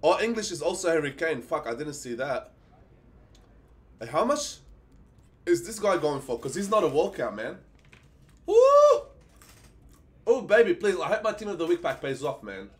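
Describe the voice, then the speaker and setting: A young man streaming live, chatting casually and excitedly as he opens game packs, swearing freely and pleading for good luck. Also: fairly high pitch, normal speed, long pauses.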